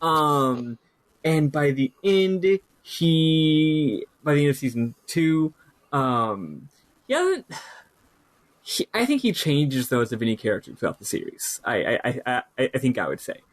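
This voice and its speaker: A man's voice: mid-range voice, a little slow, no echo. Rambling man with a dry, close sound. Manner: rambling, many fillers and restarts, animated. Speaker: podcast co-host. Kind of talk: casual chat about a TV show.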